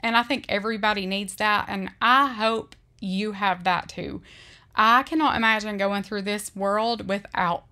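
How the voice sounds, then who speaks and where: Woman home vlogger, sincere and emotional, medium pitch, unhurried heartfelt delivery. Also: sharp tone. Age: adult. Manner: earnest, emotional, often slow and deliberate. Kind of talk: heartfelt faith-based vlog talk.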